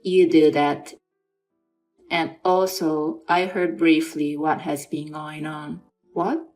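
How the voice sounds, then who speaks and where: A woman's voice: deep voice, little pitch movement, slow pace, darkish tone, soft background music, pitched below the performer's own voice. A woman voicing a stern aunt who firmly scolds her nephew, in a scripted story reading. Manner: firm, scolding.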